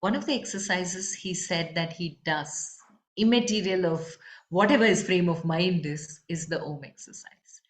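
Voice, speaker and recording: A woman, a leadership and voice coach explaining breathing and chanting in a calm, instructive way during an interview. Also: on the low side, moderate pace. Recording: roomy with faint background noise.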